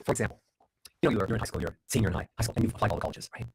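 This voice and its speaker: A man working as a voice coach, telling animated stories as an interview guest. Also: lowish voice, racing, gravelly, noisy background. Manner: animated storyteller, acts out voices in quotes.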